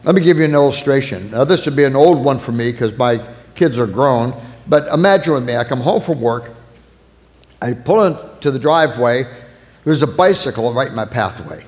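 A man's voice: medium pitch, animated, moderate pace, darkish tone. Man preaching in a reverberant hall. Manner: earnest, illustrating with acted-out anecdotes. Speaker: pastor. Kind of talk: sermon.

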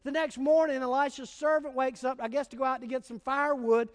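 A man's voice: very high voice, fairly even intonation, a little fast, in a large hall. A man preaching a sermon as pastor, telling stories in a casual, emphatic way.

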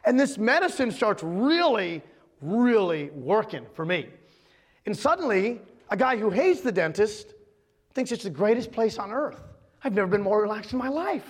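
A man preaching a sermon as the pastor. He tells a personal story with animated storytelling and acts out the lines he quotes. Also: high voice, fast, big-room sound. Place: church sanctuary.

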